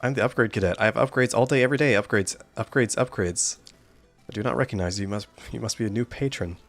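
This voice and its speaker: A man's voice: on the low side, quick pace, creaky, soft background music. A man voicing a stiff, eager upgrade-selling figure in a video game, with formal, pushy patter.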